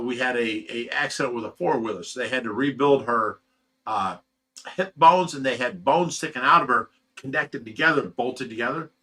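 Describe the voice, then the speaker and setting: With a mid-range voice that sounds pushed and bright, a middle-aged Ohio man runs a casual fish rescue livestream. He reads the live chat aloud and tells meandering, emotional stories about himself, heavy on fillers.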